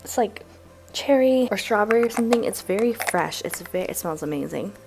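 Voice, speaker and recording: A young woman vlogger chatting casually while unboxing gifts, excitable and gushing, saying "like" a lot. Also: mid-range voice, a little fast, creaky, music in the background. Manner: excitable, gushing, says "like" often.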